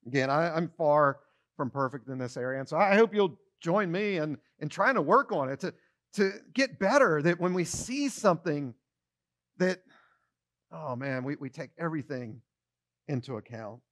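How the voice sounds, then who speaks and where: A man's voice: fairly high pitch, expressive, moderate pace, a bit bright. A man pastor giving a conversational sermon, often repeating words as he starts a phrase and acting out everyday quotes with a shifting tone.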